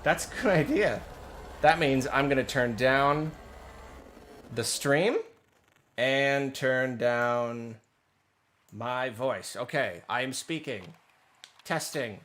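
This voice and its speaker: A man's voice: mid-range voice, slow pace, pauses often, a bit bright, slight background noise. A man streaming live, chatting casually and apologizing in a flustered way while he fixes his audio on a desk mic. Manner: flustered, apologetic, self-deprecating laughs. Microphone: desk microphone. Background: faint awards-show music from a TV.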